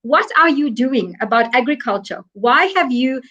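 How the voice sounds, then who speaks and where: An African woman with a high voice speaks as an interview guest. She explains with emphasis and earnest repetition, driving each point home. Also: animated, normal speed, pushed and bright, lo-fi sound. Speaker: guest expert on African trade.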